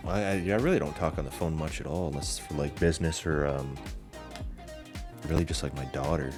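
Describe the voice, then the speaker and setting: Very deep-voiced man telling a story casually. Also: fairly quick, over music. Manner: rambling storytelling with frequent swearing and fillers. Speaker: podcast host. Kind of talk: casual chat.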